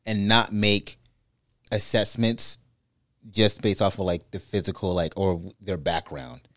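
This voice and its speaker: A man hosting a podcast, a practicing lawyer, talking casually and getting lively when telling stories. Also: sits low, a little slow, no echo, clean studio sound.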